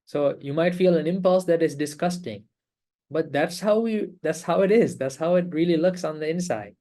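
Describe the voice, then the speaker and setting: A man leading an online meditation class over a video call, explaining calmly with repeated phrases and rhetorical questions. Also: a little high, moderate pace. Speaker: meditation teacher.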